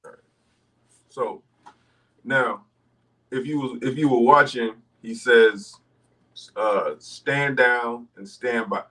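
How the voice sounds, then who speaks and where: A man's voice: medium pitch, fairly even intonation, takes it slowly, pauses often, sharp tone, distant mic, rough recording. A man co-hosting a casual podcast rant, talking emphatically and repeating his points. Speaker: podcast co-host.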